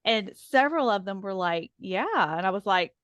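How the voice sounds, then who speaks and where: A woman's voice: medium pitch, animated, normal speed, fairly bright tone, dry recording, dull audio. A woman guest on a faith podcast, talking earnestly and casually, laughing often and leaning on "like.". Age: adult, taught and teaches women.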